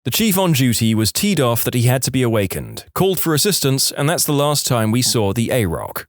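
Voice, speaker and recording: A man narrating online posts as podcast storyteller in a lively, expressive reading. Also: mid-range voice, fairly quick, no room sound, studio quality.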